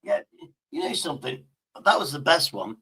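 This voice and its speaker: A man's voice: fairly high pitch, huge pitch swings, moderate pace, sharp tone, slightly rough. A man hosting a casual chat, rambling with frequent restarts and swearing. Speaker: host.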